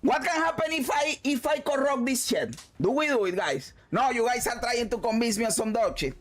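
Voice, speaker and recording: Loud high-pitched excitable man gamer. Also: normal speed. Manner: loud, swearing, shouts at the game. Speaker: gaming streamer. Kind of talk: excited gameplay commentary.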